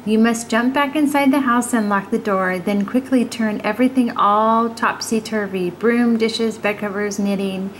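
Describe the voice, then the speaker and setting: A woman voicing an old village wise woman in a storybook, calmly giving advice. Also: a little high, normal speed, hardly any pauses, a little hiss or hum, lightly acted, low-quality recording. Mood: advising. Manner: calm, advising.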